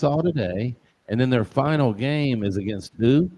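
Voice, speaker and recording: A co-host of a casual football picks show, this man jokes and rambles through sports betting chat with punchy asides. His medium-pitched voice is expressive and dark in tone, at a moderate pace.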